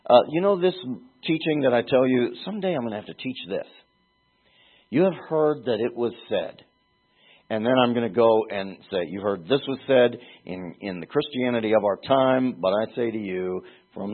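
Over a tinny, phone-quality recording, a husky mid-range male voice delivers a sermon. The pastor wanders digressively through a Bible passage and rises to emphatic highs as he quotes scripture.

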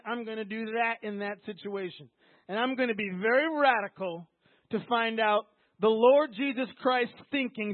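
Preacher, male, very high voice, emphatic and repetitive, tinny dry phone-like recording. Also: no room sound. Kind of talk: sermon.

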